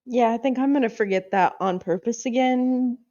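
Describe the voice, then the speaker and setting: A woman's voice: on the high side, moderate pace, dull audio. A woman playing a tabletop game, speaking expressively in character. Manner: expressive, laughs easily. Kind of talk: in-character roleplay.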